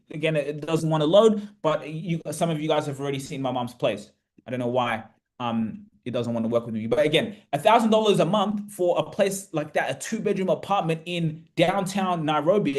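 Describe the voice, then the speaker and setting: A man hosting an investment webinar, talking in a casual, animated and passionate way, now and then swearing. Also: fairly high pitch, a little fast. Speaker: webinar host.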